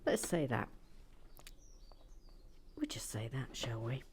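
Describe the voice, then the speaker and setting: A woman hosting a relaxed brick-building video, soft-spoken and playful with dry asides that drift into whispers. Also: extremely low pitch, slow, slight background noise. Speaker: host building toy brick sets.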